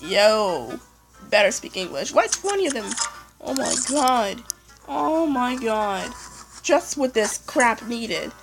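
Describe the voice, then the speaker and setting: A woman giving casual, excitable commentary while playing a game. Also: a little high, slow pace. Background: game music.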